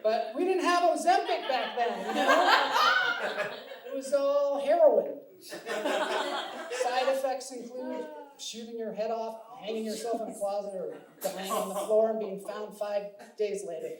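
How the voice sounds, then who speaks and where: On stage before a loud crowd, a middle-aged man from Seattle delivers stand-up in a very high-pitched, unhurried voice, wry and self-deprecating as he acts out dialogue. The distant mic picks up an echoey room full of audience noise.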